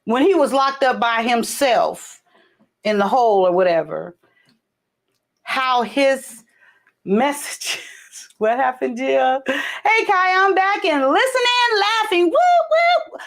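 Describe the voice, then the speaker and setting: Animated, rambling woman livestream host. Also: high-pitched, takes it slowly, gravelly. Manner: rambling, animated, reads and answers comments. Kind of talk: casual live chat with viewers. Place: home, in California.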